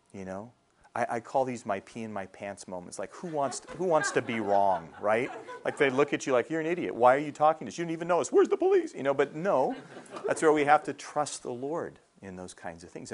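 A middle-aged male pastor preaching a sermon in a conversational way, often checking in with the congregation. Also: mid-range voice. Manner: conversational preaching with frequent "all right?" check-ins.

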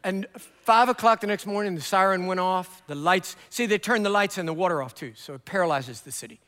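Male preacher, high bright voice, animated storyteller, big echoey hall. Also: brisk. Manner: animated storyteller acting out dialogue. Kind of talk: sermon storytelling.

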